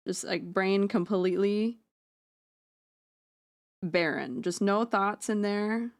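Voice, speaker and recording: Speaking slowly in a clear, resonant mid-range voice, this woman chats casually on a live stream while she draws at home. Close-miked, she wanders from topic to topic, cracks self-deprecating jokes, and curses without hesitation.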